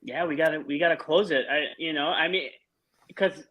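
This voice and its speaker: A man's voice: fairly high pitch, fairly even intonation, normal speed, a bit bright, low-quality recording. A man co-hosting a casual football watch-along, rambling with many fillers and questions. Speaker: co-host of a football show.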